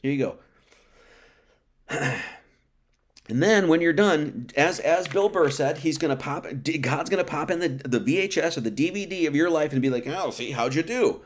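A man's voice: on the high side, normal speed. A man giving an informal sermon, talking casually, reading scripture and acting out quotes, with many restarts. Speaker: preacher.

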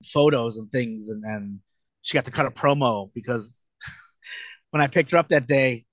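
A man in his late thirties telling stories in a relaxed, rambling way as a guest in an interview, full of filler words. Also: medium pitch, measured pace, no echo. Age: late 30s. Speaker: guest wrestler. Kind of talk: casual storytelling in a podcast interview.

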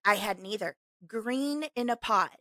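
A woman co-host from Missouri chats on a podcast in an easy, animated way and acts out the people she quotes. Her voice sits mid-range, and the sound is dry and close. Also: mid-range voice, unhurried, dry recording. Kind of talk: casual chat.

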